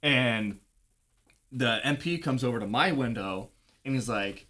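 A man's voice: medium pitch, expressive, normal speed, bright, forceful tone. Young man, casual storyteller, profane and laid-back. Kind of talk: casual anecdote.

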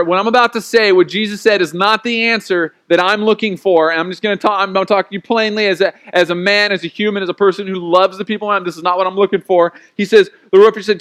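Lively, playful man preaching. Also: high-pitched, fast, few pauses. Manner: lively, conversational preaching with playful acted asides. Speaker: pastor. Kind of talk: sermon.

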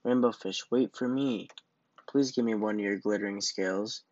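Guy doing a little blue fish begging nicely, lowish voice, muffled dry sound. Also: moderate pace, darkish tone, no room sound, natural voice. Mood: pleading. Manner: pleading, eager. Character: small pleading male blue fish.

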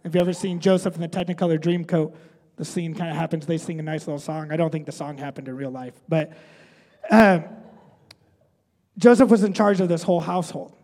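High-voiced pastor preaching in a reverberant hall. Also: male voice, fairly even intonation, brisk, darkish tone. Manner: conversational, often adds "right?". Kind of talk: sermon.

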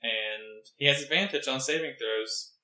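A man playing a tabletop game, speaking hesitantly with many pauses and fillers. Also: medium pitch, roomy sound, background noise. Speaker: player. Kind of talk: casual tabletop play.

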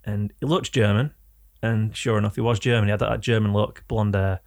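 A man's voice: on the low side, steady tone, fairly quick, vocal fry, darkish tone. A young man with an Oldham accent, co-hosting a podcast and telling rambling anecdotes in casual chat. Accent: Oldham, northern English. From England. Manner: rambling anecdotes, self-correcting. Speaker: podcast co-host.

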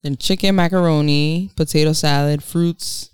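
Woman co-host, crisp, dry studio sound, playful teasing banter. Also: low-pitched, moderate pace, no echo. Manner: laughing, teasing, animated storytelling. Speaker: podcast co-host. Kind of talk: casual chat.

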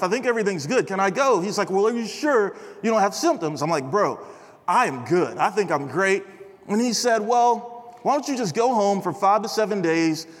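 A young man giving a chatty, animated chapel sermon to a large audience, peppered with bro and dude. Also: sits high, in a large hall. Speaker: chapel speaker. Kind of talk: casual storytelling sermon.

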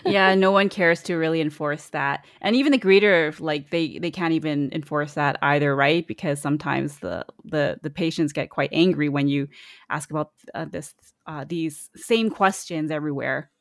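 A woman chatting casually on a podcast, reading quotes aloud with animated asides. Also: sits low, moderate pace, dry recording, studio quality.

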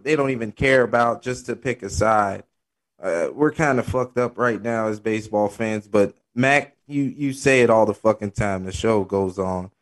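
A man in profane casual chat, rambling earnestly and restarting often. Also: medium pitch.

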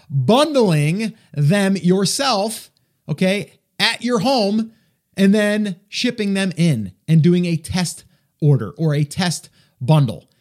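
An American man with an East Coast accent hosts an advice podcast in a casual, chatty manner. His voice sits high and swings widely in pitch. He pokes fun at himself as he talks. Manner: animated, chatty, self-deprecating. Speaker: podcast host.

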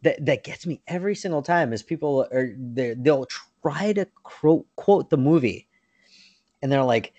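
A man's voice: a little high, lively intonation, moderate pace, mellow, no room sound, muffled recording. A man co-hosting a casual podcast chat who rambles, laughs often and repeats his words. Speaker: podcast host.

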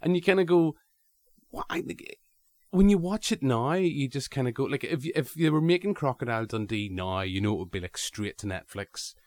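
A man's voice: mid-range voice, expressive, a little fast, darkish tone, dry recording. A man hosting a podcast, chatting casually and animatedly, with frequent restarts. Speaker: podcast host.

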